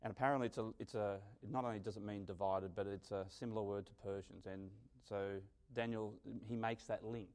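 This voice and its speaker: A man preaching a sermon, telling stories with dramatic swings from loud to quiet. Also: lowish voice, a little fast, hardly any pauses. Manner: animated storytelling, dramatic swings in loudness.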